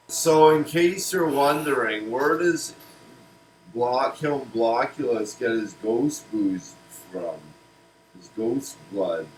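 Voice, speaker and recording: A man pitching a cartoon series in casual comedic chat, rambling and restarting words. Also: takes it slowly, a little hiss or hum, low-quality recording. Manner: rambling, restarts words, laughs at own jokes.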